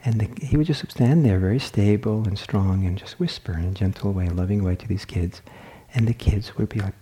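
A male meditation teacher gives a dharma talk in a low, mellow voice. He speaks gently and reflectively, pausing and restarting phrases as he feels his way toward each idea. The tone is warm and unforced. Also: slight background noise.

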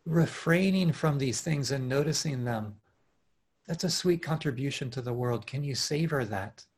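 A man teaching meditation at an online retreat, speaking earnestly and with animation, often restarting his phrases and laughing softly. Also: medium pitch, expressive, moderate pace, slightly rough. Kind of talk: dharma talk at an online retreat. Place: home, over a video call.

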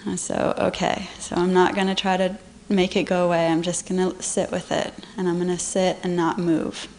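A woman's voice: fairly low pitch, completely flat delivery, moderate pace, a little mellow, slight background noise. A woman at a meditation retreat, sharing a personal experience earnestly and emotionally. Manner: earnest, emotional, laughing often. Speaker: retreat participant.

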